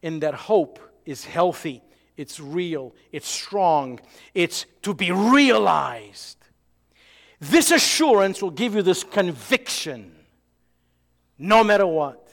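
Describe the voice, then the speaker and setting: A man with a high voice preaches in an unhurried way, drawing out his words. He is animated, acting out dialogue and dropping to a hush between louder passages. The sound rings with long reverb, as in a church hall. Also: creaky. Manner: animated, acts out dialogue, swings from loud to hushed. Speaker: pastor. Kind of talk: sermon.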